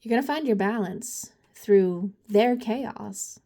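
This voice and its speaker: A woman's voice: mid-range voice, slow, dark tone. A woman giving a casual tarot reading, blunt and profane, rambling with laughs and sighs. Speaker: tarot reader.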